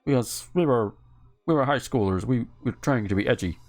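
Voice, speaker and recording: A young adult man from the American South, giving animated live commentary while gaming, cursing and laughing at the game. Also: mid-range voice, normal speed. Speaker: game streamer.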